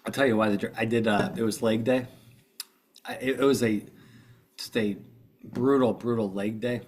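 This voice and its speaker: A man's voice: lowish voice, fairly even intonation, normal speed, a little mellow. A middle-aged American man hosting a podcast in casual chat, groggy from just waking up, rambling and chatty with many restarts. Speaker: podcast host.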